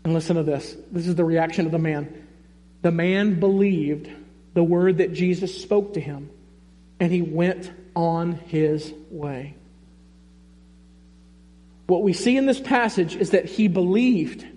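High-voiced, unhurried preacher man. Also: warm tone. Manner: emphatic, repeats key phrases, conversational asides. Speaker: pastor. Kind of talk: sermon. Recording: long reverb in a large hall.

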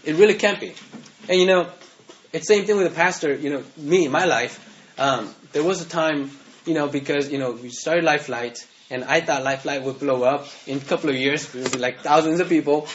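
A male pastor delivering a relaxed, conversational sermon, often tagging his points with a questioning "right?". His voice sits a bit high for a man. The recording is dull and lo-fi. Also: fairly quick, slight background noise. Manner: conversational, keeps asking "right?". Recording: dull lo-fi sound.

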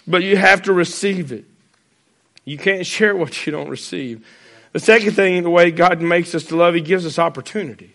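Bright-voiced preacher, folksy and fervent. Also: male voice, high voice, moderate pace. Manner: folksy, builds to fervent emphasis. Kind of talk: sermon.

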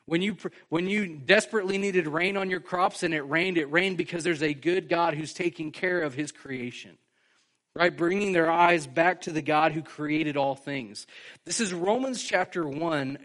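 High-voiced man preaching casually. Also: normal speed. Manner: conversational, animated preaching with casual fillers. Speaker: pastor. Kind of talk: sermon.

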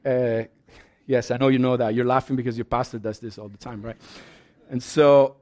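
A man preaching a sermon as a pastor, passionate, swinging from soft asides to loud, high exclamations. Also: level tone, moderate pace.

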